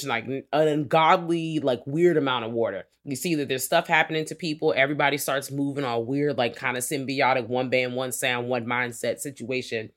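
Male podcast co-host, mid-pitched, slangy and profane, chatty and unpolished. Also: fairly even intonation, brisk, hardly any pauses, fairly bright tone. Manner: loose, slangy and profane, heavy on filler words. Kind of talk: casual film-review chat.

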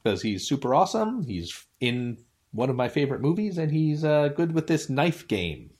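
A man's voice: on the high side, sing-song, moderate pace, a little mellow, slightly rough. A man on a casual panel, dropping dry wisecracks.

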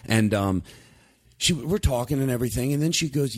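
An animated male host with a lively, swooping voice, telling rambling anecdotes in casual chat. He talks in bursts, restarting often, his pitch jumping up and down. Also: a little fast. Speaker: podcast host.

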